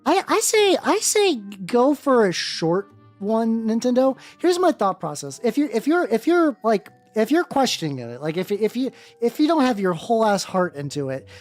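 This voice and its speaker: A woman's voice: a little high, big pitch swings, normal speed, hardly any pauses, darkish tone. A woman streaming while she paints miniatures, rambling casually, greeting viewers and swearing now and then. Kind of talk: casual livestream chat. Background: faint background music.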